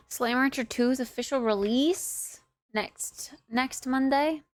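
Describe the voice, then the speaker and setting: A young woman livestreamer chatting casually with her viewers from her apartment, playful and cutesy, drowsy and relaxed. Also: sits high, slow, no room sound. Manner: cutesy, playful baby talk. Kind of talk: casual chat with stream viewers.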